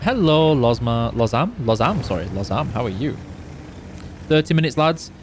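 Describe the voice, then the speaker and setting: A man's voice: mid-range voice, expressive, moderate pace, a little hiss or hum. A tired man chatting casually on a live gaming stream, reading out chat and humming while he plays. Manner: chatty, reads chat aloud, hums along while playing. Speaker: game streamer on official channel.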